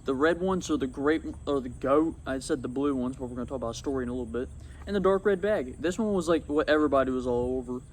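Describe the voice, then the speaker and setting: A young man talking casually about his old video on his phone outdoors, rambling and excitable. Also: medium pitch, fast, a little hiss or hum. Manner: rambling and excitable, swats at bugs. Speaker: YouTuber. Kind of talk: casual vlog commentary. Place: outdoors among insects.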